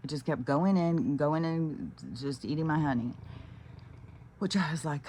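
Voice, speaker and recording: Low-voiced, blunt, profane middle-aged woman. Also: measured pace, warm tone, slight background noise. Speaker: vlogger. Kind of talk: casual rant to camera.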